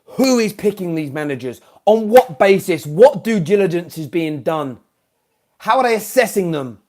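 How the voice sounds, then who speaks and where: A man with a British accent hosting a football fan channel, ranting live after a match, swinging from shouting to muttering and repeating himself in exasperation. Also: sits high, expressive, normal speed. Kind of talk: live-stream post-match rant.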